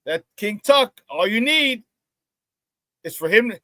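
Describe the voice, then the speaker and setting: A man hosting a casual sports talk show, telling stories excitedly with many restarts and repeated words. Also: high voice, slow, no room sound.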